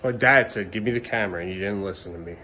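A man in his thirties, a father, vlogs to his camera at home at night, talking casually and emotionally with swearing and filler words. His voice is fairly low, bright and pushed, and he talks fast. The camera mic picks up a little hiss or hum.

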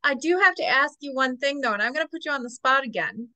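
An upbeat woman hosts a casual video call interview and keeps things encouraging. Her voice is high and bright. The sound is dry and close. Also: animated, quick pace, no room sound. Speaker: host.

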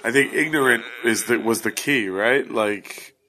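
A man's voice: mid-range voice, a little slow, pushed and bright. A man co-hosting a podcast, chiming in bluntly during a casual chat. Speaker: podcast co-host.

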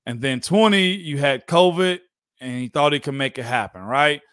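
A man chatting loosely on a sports talk show, laughing often as he talks. His voice sits a little high, and it is recorded close and dry with no room sound. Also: moderate pace, a bit bright, smooth, no echo. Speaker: former NFL guard and show host.

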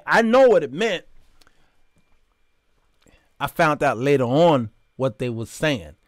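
A man hosting a live talk show, telling stories with animated, preacher-like emphasis and greeting viewers by name. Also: medium pitch, dry recording, clean studio sound. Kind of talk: live talk show monologue with chat shout-outs. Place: studio.

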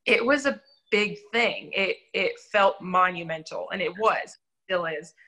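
Earnest young woman with a bright voice. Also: lowish voice, unhurried, rough recording. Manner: candid, earnest storytelling with self-deprecating laughs. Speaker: church volunteer sharing her testimony. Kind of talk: personal faith testimony in an interview.

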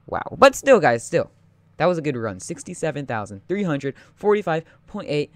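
A young man giving live gameplay commentary, anxious and excitable, often muttering and repeating himself. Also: a little high, moderate pace.

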